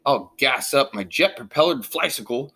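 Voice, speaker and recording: A man's voice: medium pitch, expressive, normal speed, bright, forceful tone. A man voicing Fish, a boastful daredevil fish who brags in a raised voice. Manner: cocky and bragging.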